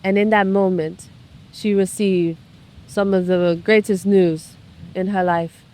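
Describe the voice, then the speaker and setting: A woman in casual conversation who tells a story in a halting way, with many fillers and restarts. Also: mid-range voice, steady tone, darkish tone.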